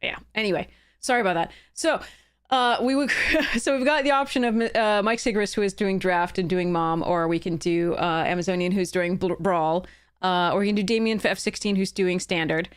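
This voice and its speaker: A woman's voice: mid-range voice, moderate pace, smooth. A woman game streamer chatting live with her viewers, earnest and heated, often stopping to apologize.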